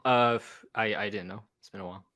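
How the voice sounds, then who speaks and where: A man's voice: on the low side, quick pace. A man competing in a trivia game, giving short, hesitant answers. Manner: hesitant, relaxed. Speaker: contestant.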